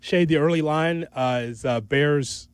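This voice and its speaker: A man hosting sports talk radio, brisk as he reads lines and numbers. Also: on the high side, smooth, no room sound. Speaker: radio host.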